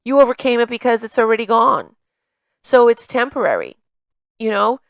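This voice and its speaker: A woman's voice: a little high, lively intonation, normal speed, vocal fry, dry recording. A woman coaching in a casual talk, with a slight stutter that makes her repeat words mid-sentence. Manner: conversational, many fillers like "you know" and "like". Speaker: emotional intelligence coach.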